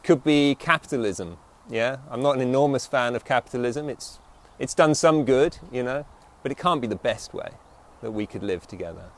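Male meditation teacher, mid pitch, very animated intonation; reflective dharma-talk delivery that keeps checking in with "yeah?". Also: normal speed, hardly any pauses.

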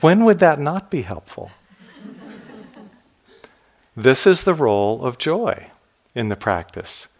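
A man who teaches meditation, giving a dharma talk in an unhurried storytelling way. He speaks gently and reflectively, and the ends of his phrases drop soft and low. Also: big pitch swings. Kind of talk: dharma talk with personal stories.

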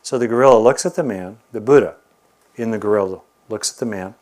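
A man teaching a meditation class, telling stories in a lively, animated way. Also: lowish voice, fast. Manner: animated storyteller. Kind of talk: dharma talk with storytelling.

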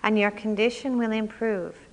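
A woman reading a story aloud and voicing a wise rabbi who gives advice in a calm, gentle, measured way. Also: medium pitch, long reverb tail, close to an everyday voice.

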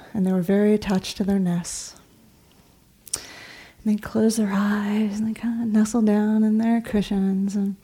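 A middle-aged meditation teacher gives a dharma talk in a meditation hall, telling stories conversationally and sometimes dropping to a soft whisper. Her mid-range voice is creaky and husky, recorded before a seated audience.

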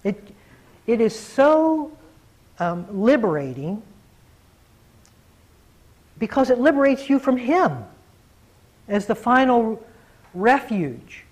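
A man's voice: very high voice, very animated, rough recording. Earnest man giving a dharma talk. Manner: reflective, earnest, slows down to stress key words. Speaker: meditation teacher. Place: meditation hall talk before a group.

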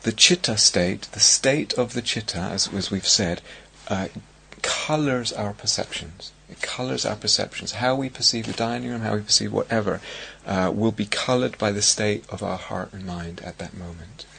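A man giving a dharma talk as a meditation teacher on a retreat. He speaks slowly and searchingly, with many pauses and restarts. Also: fairly low pitch, creaky, sharp tone, slightly rough.

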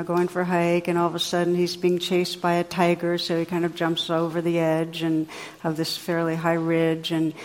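Woman meditation teacher; low, gentle, unhurried delivery with soft reflective pauses, recorded with a long hall tail. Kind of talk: dharma talk and guided reflection.

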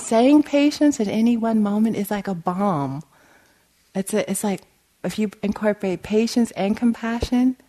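A woman giving a dharma talk as a meditation teacher, telling stories and laughing often. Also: medium pitch. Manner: storytelling, laughs often, animated. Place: meditation hall.

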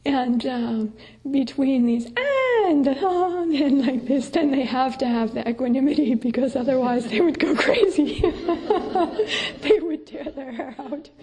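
A Buddhist nun with a high-sitting voice gives a dharma talk to a meditation group, speaking gently and without hurry. At times she drops into soft, breathy asides.

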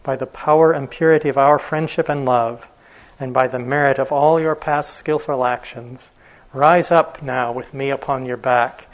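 A man voicing a soft-spoken, devoted elephant keeper. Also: mid-range voice, steady tone, moderate pace, natural voice, poor audio. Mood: tender. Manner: soft, tender address.

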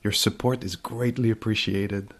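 A man's voice: lowish voice, fairly even intonation, moderate pace, a bit bright. A man briefly and politely introducing his recorded meditation talk. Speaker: meditation teacher.

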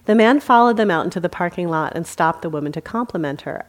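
A woman giving a dharma talk as a meditation teacher, speaking gently with light humor and frequent laughter. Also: on the low side, animated, fast talker, hardly any pauses. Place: meditation center.

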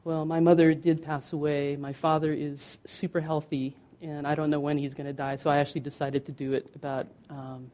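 A middle-aged woman meditation teacher speaks in a low register with a soft, warm tone. Her dharma talk is conversational and candid, peppered with fillers. She lingers slowly on the words she wants to land. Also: flat delivery. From United States.

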